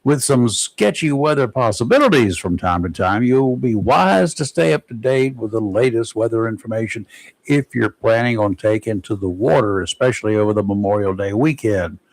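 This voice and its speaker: Male talk radio host, low and dry, relaxed studio read. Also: normal speed, no echo, poor audio. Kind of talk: talk radio chat and weather segment.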